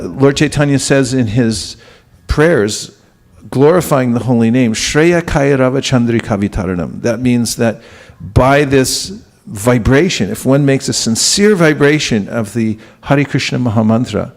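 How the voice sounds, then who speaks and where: A man's voice: mid-range voice, measured pace. Male spiritual teacher lecturing a live room; conversational, mid-range voice, keeps quizzing the audience. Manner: conversational, questions the audience often.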